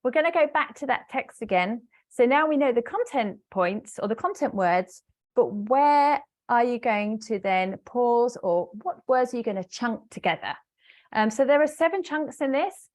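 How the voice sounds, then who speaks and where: A woman business English trainer giving an online webinar, explaining step by step with frequent fillers and pauses. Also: fairly high pitch, lively intonation, darkish tone. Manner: hesitant fillers, explanatory, talks to a live audience.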